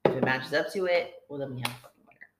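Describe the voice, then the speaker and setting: Low-voiced joking woman in echoey room. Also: very fast, very noisy. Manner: joking, laughs often, playful. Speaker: podcast co-host. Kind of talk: casual chat over wine tasting.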